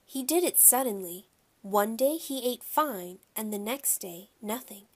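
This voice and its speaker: A woman narrating a children's audiobook in the first person, telling the story in a steady, clear way. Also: on the high side, measured pace.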